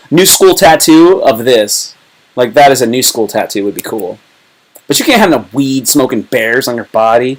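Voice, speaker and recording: A man's voice: mid-range voice, low-quality recording. Rambling, joking man hosting a livestream. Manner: rambling, joking, heavy slang. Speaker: livestream host. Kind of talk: casual livestream chat.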